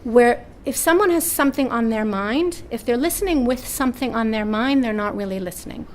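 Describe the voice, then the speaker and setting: Before an audience at a live parenting seminar, a woman with a slightly high voice tells stories at a brisk clip. She plays out the voices of the people in her anecdotes and often asks "right?", an animated storyteller throughout. A little hiss or hum is audible.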